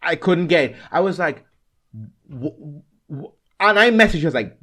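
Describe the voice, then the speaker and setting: Animated gushing man, lively pitch. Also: fairly quick. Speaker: podcast co-host. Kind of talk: casual chat.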